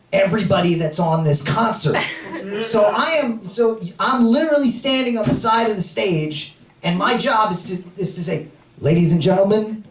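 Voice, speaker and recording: A man telling a rambling, self-deprecating story on stage as a comedian, sometimes bursting into shouts. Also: on the high side. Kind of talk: live stand-up storytelling. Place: live comedy venue with audience. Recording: echoey live room, distant mic, crowd laughter. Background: audience laughing.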